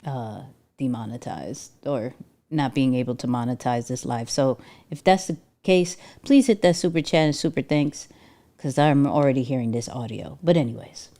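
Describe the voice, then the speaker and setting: A woman hosts a casual, interactive livestream with a rumbling low, dark voice at a moderate pace. She chats to viewers, reads their comments aloud, repeats herself, and tags many sentences with "right?".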